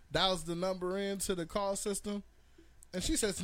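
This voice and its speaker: A man hosting a casual talk show, telling stories with animated delivery and acting out the people in them. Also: high-pitched, moderate pace, no room sound. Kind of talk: casual chat, storytelling.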